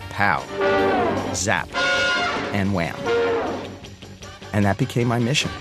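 A man in his sixties from the United States telling a first-person story, animated and acting out the voices of the people he quotes. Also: fairly low pitch, takes it slowly. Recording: guitar music underneath.

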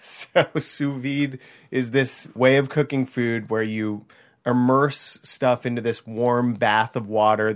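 A man, a technology reporter, chatting on air in a small kitchen and explaining things in a relaxed, easygoing way. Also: on the low side. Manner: chatty, explanatory, laughs easily. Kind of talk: casual on-air chat.

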